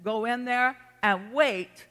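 A woman's voice: fairly high pitch, takes it slowly, sharp tone, long reverb tail. An older woman preaching a sermon in a folksy, emphatic way that rises to fervent exclamations.

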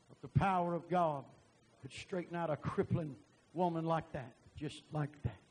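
Husky, high-voiced preacher. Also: male voice, rough recording. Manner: animated storytelling, bursts of loud emphasis. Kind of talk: sermon testimony.

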